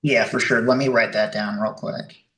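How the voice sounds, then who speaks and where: A young man with a bright voice answers hesitantly and agreeably, mostly in short replies. The sound carries a roomy echo. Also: medium pitch, fairly even intonation, normal speed. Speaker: coaching client. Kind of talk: casual chat.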